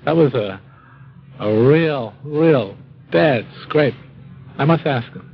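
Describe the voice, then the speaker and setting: A man's voice: on the high side, lively intonation, a little slow, vocal fry, highs cut off, soft background music. A man telling his own drinking story in a folksy, wry way, acting out what people said. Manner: wry, self-mocking humor; folksy, acts out quoted speech. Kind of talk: storytelling talk.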